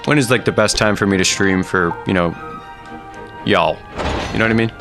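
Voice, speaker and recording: A man's voice: on the low side, normal speed. A man streaming a video game, rambling casually and chatting with his viewers as he plays. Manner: rambling, chatty, talks to viewers while playing. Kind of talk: casual gaming commentary. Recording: game music under the voice. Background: video game music.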